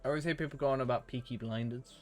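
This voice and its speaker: A man's voice: mid-range voice, steady tone, very fast, soft background music. A young man live-streaming a video game, chatting casually with viewers in a chatty, self-mocking way and breaking into frustrated rants. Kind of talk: casual live-stream chat while gaming.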